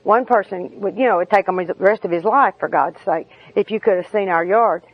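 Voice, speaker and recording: A woman's voice: mid-range voice, a little fast, husky, dry recording. A middle-aged woman telling folksy, humorous personal stories at a recovery meeting, often laughing as she talks. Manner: folksy, laughing through her own stories. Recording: dull lo-fi recording with audience.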